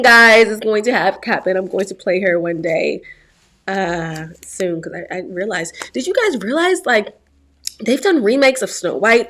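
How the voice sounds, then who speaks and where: A woman in her twenties from Virginia, talking casually to camera as a vlog host, rambling, repeating words and laughing often, while feeling unwell. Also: on the low side. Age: 20s.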